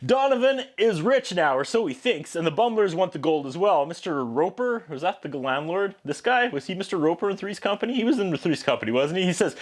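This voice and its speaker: Casting note: 30s male comedy reviewer, high voice, lively and sarcastic, throws himself into the characters' lines. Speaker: host of a movie review show. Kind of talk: comedic one-take movie review.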